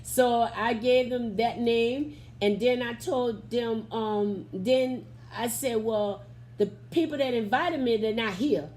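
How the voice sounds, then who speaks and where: Animated woman telling a church testimony. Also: fairly high pitch, slow, slight background noise. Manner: Southern Black church vernacular, expressive, acts out quotes. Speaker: interview guest telling her testimony.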